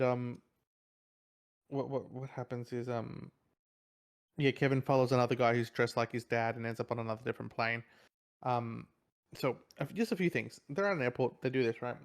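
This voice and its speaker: A man's voice: mid-range voice, normal speed, pauses often. Man, podcast co-host, casual chat, rambling recap, frequent restarts.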